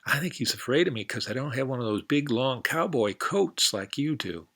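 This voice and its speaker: A storyteller putting on a sly coyote trickster with a soft, wheedling way of talking. His voice sits a little higher than the narration, gravelly and bright. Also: expressive, normal speed.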